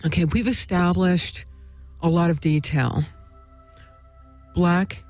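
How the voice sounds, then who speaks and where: A woman's voice: fairly low pitch, slow, a little mellow, no echo, faint music behind. A woman hosting a spiritual talk show, speaking in a meandering monologue full of "you know" and "right?". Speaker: host.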